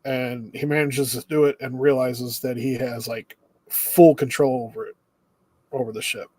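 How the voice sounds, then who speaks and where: A man co-hosting a podcast in casual chat, recapping the plot in a steady, easygoing way. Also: mid-range voice, moderate pace, breathy edge. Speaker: podcast co-host.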